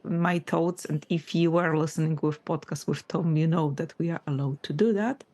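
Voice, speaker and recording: Low-voiced woman thinking aloud on a podcast. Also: fairly even intonation, moderate pace, a little mellow. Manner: thinks aloud, restarts and apologizes, laughs at herself. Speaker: podcast co-host. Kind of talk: casual business podcast chat.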